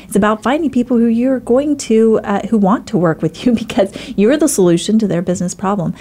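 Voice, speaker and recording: Female host of a business chat, encouraging, with a warm, mellow voice. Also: on the high side. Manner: encouraging, quick affirmations.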